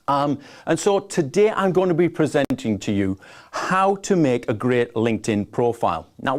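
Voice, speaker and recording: A man's voice: medium pitch, a little mellow. A man with a northeast English accent hosting a live business webinar, chatty and enthusiastic as he greets viewers and presents. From northeast England. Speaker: webinar host. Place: home office.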